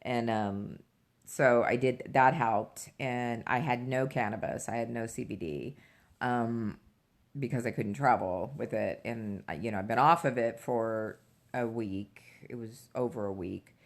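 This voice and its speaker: A middle-aged woman vlogger recounting a personal story in a halting way, with many fillers and restarts. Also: extremely low pitch.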